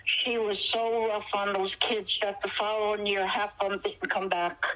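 A woman's voice: medium pitch, level tone, normal speed, a bit bright, low-quality recording. A woman interviewee recalling school days in a blunt, emphatic way. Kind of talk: casual interview recollection.

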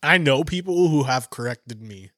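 A man's voice: medium pitch, expressive, normal speed, a bit bright, no echo, clean studio sound. A young man from Southern California, chatting casually on a podcast, laid-back and wry as he acts out quotes. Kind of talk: casual chat.

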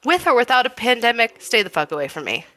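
A woman's voice: a little high, sing-song, fast, bright, forceful tone, no room sound. A woman co-hosting a casual podcast, joking and swearing as she reacts. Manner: wisecracking, profane, laughs often. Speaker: podcast co-host. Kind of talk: casual chat.

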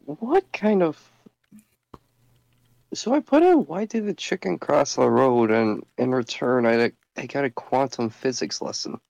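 A man joking around with friends in casual chat, with an expressive delivery. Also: mid-range voice, measured pace, gravelly, no echo, muffled recording.

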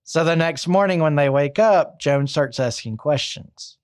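A man's voice: fairly high pitch, a little slow, few pauses, dry recording, clean studio sound. A young man narrating a true crime story casually, with wry asides.

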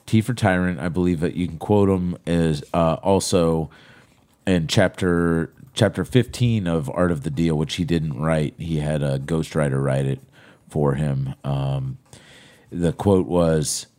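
A man's voice: extremely low pitch, fairly even intonation, a little slow, darkish tone. A man co-hosting a talk show, bantering casually in a sarcastic, joking way and laughing often. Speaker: podcast co-host.

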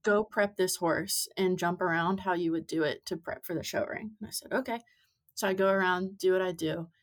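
A woman's voice: lowish voice, fairly even intonation, normal speed. A woman in her twenties, a guest on a podcast, telling stories in casual chat with plenty of fillers. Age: 20s. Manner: chatty storytelling with many fillers. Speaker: podcast guest, amateur rider.

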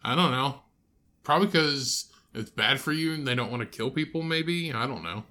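A man's voice: medium pitch, lively intonation, normal speed, pushed and bright. A man co-hosting a crude casual podcast, swearing constantly and teasing his brother. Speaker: podcast co-host.

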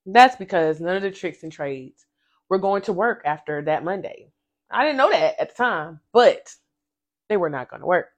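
Woman, podcast host, casual faith talk, low voice, animated storytelling, repeats for emphasis. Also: moderate pace. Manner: animated personal storytelling, addresses listeners directly; emphatic repetition.

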